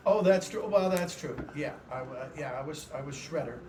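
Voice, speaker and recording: A man's voice: fairly high pitch, expressive, brisk, a little mellow. An older man, a guest voice actor, chatting loosely with restarts at a convention panel. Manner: chatty, rambling with restarts and laughs. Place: convention hall. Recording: crowd noise at a live convention.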